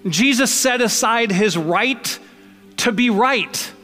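High-voiced joking pastor preaching in a hall. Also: male voice, slow pace, bright, forceful tone, faint music behind. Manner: conversational, joking, emphatic. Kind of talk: sermon.

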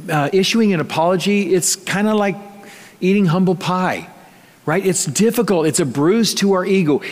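A male pastor preaching a sermon in a conversational, storytelling way with light touches of humor. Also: on the high side. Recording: long reverb.

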